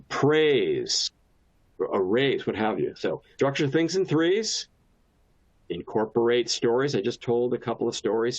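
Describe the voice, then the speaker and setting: A man's voice: medium pitch, muffled recording. A man presenting a training talk on communication styles in a casual, anecdotal way, with frequent restarts and fillers.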